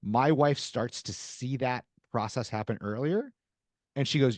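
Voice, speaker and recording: Animated male guest in a dry room. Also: medium pitch, measured pace, no echo. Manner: animated storyteller acting out dialogue. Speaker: podcast guest, author. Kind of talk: casual interview conversation.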